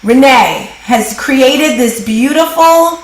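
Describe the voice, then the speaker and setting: A woman hosting a live online business workshop, brisk and upbeat, giving quick directions over a video call. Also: high voice, lively intonation, roomy sound, low-quality recording. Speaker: workshop host and business coach.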